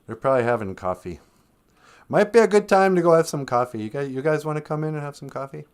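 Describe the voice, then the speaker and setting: A man chats casually on his own live stream, rambling from one joke to the next and laughing at himself. His pitch swings widely as he acts out the lines he quotes. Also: expressive, fast, clear, resonant tone. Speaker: live stream podcast host.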